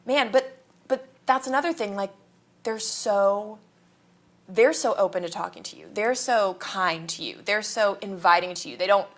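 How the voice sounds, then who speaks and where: Lively woman telling stories in an interview. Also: medium pitch, moderate pace. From Kansas. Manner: animated, laughs often, acts out quotes. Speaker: guest. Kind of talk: casual interview storytelling.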